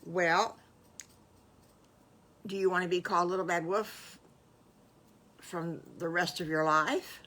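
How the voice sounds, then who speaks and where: Grandma playing a patient old farmer. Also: female voice, on the low side, slow pace, long pauses. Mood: calm. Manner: calm, patient. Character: kindly fatherly farmer, calm and patient.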